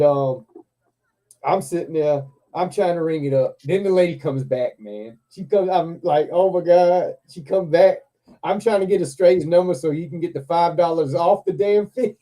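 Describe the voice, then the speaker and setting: A man hosts a casual live chat and tells a story in an animated, laughing way, swearing as he goes. His voice is deep-toned and mellow, with no brightness to it. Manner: laughs often, swears freely, animated retelling. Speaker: live stream host.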